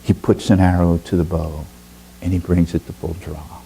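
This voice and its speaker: A man telling a folk tale aloud with slow, drawn-out, dramatic pauses. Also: low-pitched, flat delivery, gravelly, warm tone, slight background noise, low-quality recording. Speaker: storyteller. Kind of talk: oral storytelling.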